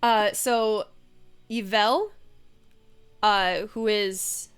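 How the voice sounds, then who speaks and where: A woman's voice: medium pitch, steady tone, extremely slow, clear, resonant tone, soft background music. A woman running a tabletop game as game master, describing scenes in a rambling way with frequent fillers and restarts. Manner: rambling, hesitant, many fillers and self-corrections.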